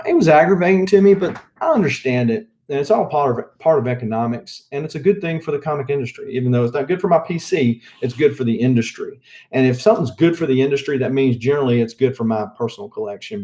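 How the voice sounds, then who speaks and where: A man's voice: mid-range voice, dark tone. A man with a Southern US accent hosting a comic book show, rambling casually with lots of fillers and wry jokes. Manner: rambling, with many fillers and restarts; opinionated and joking. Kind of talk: casual chat.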